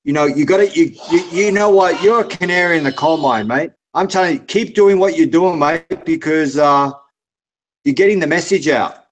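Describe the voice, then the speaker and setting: A man's voice: a little high, normal speed. An Australian man chatting on a video call, laid-back and encouraging, often saying mate. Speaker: hangout participant. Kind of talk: casual chat.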